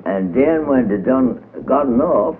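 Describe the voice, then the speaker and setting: A man's voice: medium pitch, animated, unhurried, slight background noise. A man with a reading a folk tale in a colorful, rhythmic storytelling manner. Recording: tinny old radio recording.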